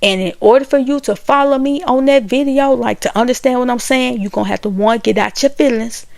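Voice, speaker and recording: A woman giving casual, animated commentary on a reality show, sounding exasperated and acting out the dialogue she quotes. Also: fairly high pitch, fairly quick, creaky, no room sound.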